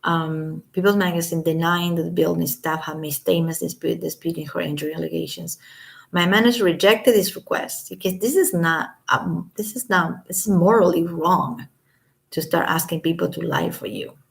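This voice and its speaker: A woman's voice: fairly low pitch, fairly even intonation, normal speed, creaky. A woman giving casual commentary as a vlogger, reading statements aloud and breaking off with sarcastic, scoffing asides.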